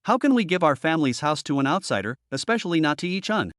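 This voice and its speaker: Shrill, scolding recap mother, lively and raised, put on by a male narrator. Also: fast, dry recording, clean studio sound. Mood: furious. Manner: shouting, indignant. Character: angry middle-aged mother, shrill and scolding.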